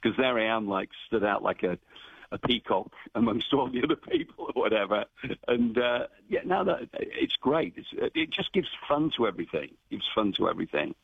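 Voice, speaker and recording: A man's voice: on the low side, brisk, creaky, breathy edge, no echo. A man working as a town crier, chatting animatedly in a radio phone interview. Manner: chatty, animated, bursts into bellowed cries. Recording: dry tinny phone line.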